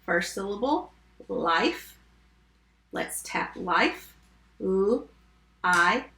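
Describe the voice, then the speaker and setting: A woman teaching a first grade phonics lesson remotely, sounding out words slowly and giving patient step-by-step instructions. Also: medium pitch, gravelly, pushed and bright, roomy sound, a little hiss or hum.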